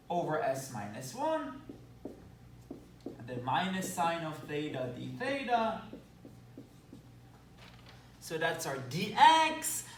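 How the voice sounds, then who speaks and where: A math lecturer with a Belgian accent teaches at a whiteboard, speaking enthusiastically with playful asides. His voice is a little high, and there's slight background noise. The mic is distant, in an echoey room.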